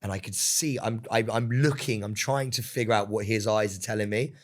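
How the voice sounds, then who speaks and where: A young man, chatting casually as a podcast guest, telling an animated story and calling everyone "mate". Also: fairly low pitch, a little fast. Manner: animated storytelling, swears, says "mate" a lot. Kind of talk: casual chat. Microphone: studio microphone.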